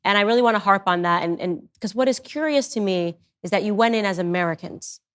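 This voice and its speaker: A woman's voice: medium pitch, fast. A woman in her thirties hosting a podcast interview, asking questions in an earnest, emphatic way. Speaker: podcast host. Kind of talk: interview conversation.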